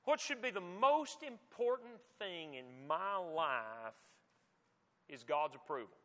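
A man preaching with a high, bright, forceful voice, talking through his sermon like a conversation with emphatic stress. His voice rings out in a church hall with a long reverb tail. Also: lively intonation, takes it slowly.

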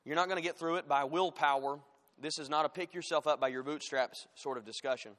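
A man's voice: a little high, brisk. Emphatic preaching man in a reverberant church. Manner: emphatic preaching, rising loud on scripture, dropping to quiet asides. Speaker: pastor. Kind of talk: sermon. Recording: long hall reverb.

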